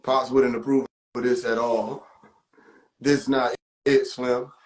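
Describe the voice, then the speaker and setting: A young adult man talking on a phone livestream in an animated, profane way, laughing often. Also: medium pitch, slow pace, echoey room, low-quality recording. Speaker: livestream host. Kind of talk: casual livestream rant.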